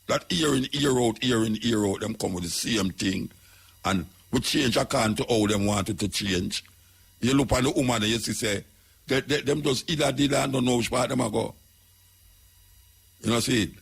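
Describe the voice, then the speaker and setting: A Jamaican man holds forth on talk radio, repeating and hammering home each point. His voice is gravelly and husky, pitched a little low. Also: brisk. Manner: preaching, repetitive, emphatic. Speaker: radio host.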